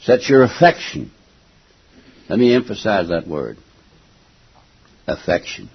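An older man preaching a folksy, emphatic sermon, stopping now and then to clear his throat and going back over his words. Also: lowish voice, very animated, measured pace. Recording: dull lo-fi recording.

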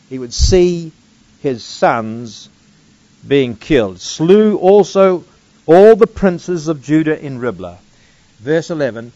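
A man's voice: fairly high pitch, darkish tone, dry recording. A man teaching through a Bible passage verse by verse, reading scripture aloud and then breaking in with emphatic, casual asides to his listeners. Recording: dull lo-fi dry recording.

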